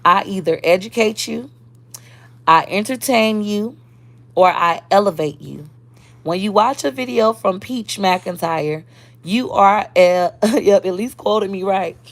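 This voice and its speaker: A woman's voice: mid-range voice, measured pace, no room sound. A woman, talking casually and bluntly on a live stream as a social media creator, answering viewer comments.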